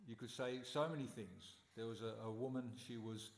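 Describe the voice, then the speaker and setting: A man's voice: medium pitch, moderate pace, creaky. Man giving a temple sermon with reverb. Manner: animated storyteller, asks rhetorical questions. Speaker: temple class speaker. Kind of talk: scripture class sermon. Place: temple hall.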